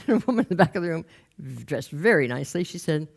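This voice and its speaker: A woman giving a talk on stage, telling humorous anecdotes with quick asides. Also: sits low, expressive, gravelly. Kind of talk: storytelling motivational talk. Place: lecture stage with slides.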